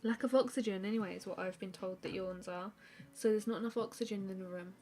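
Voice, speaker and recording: A woman, an artist hosting a live stream, chatting casually and answering viewer questions with a relaxed, rambling manner full of fillers. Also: medium pitch, quick pace. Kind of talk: casual chat while drawing.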